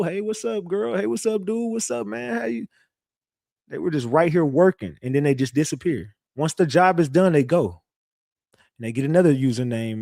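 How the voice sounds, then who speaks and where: A man's voice: mid-range voice, dark tone, no room sound, studio quality. A man hosting his own online show, telling stories to his viewers in a casual, profane, rambling way. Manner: profane, rambling, conversational storytelling.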